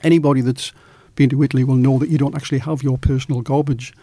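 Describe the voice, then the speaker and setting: Middle-aged male journalist storyteller, animated, dry close sound. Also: mid-range voice, fast talker, no room sound. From Australia. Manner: animated storyteller, acts out quoted dialogue. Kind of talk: storytelling in an interview.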